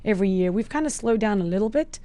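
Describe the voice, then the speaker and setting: Casting: South African woman, 40s, podcast guest, lively and quick to laugh, mid-pitched. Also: no room sound. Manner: lively, laughs often, acts out her own quoted lines. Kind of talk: casual chat.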